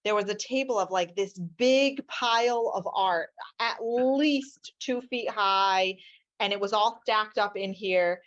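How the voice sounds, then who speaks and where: A woman family law attorney telling lively anecdotes as an interview guest, often acting out what people said. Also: mid-range voice, slow, muffled recording. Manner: animated, acts out quotes with shifting voices.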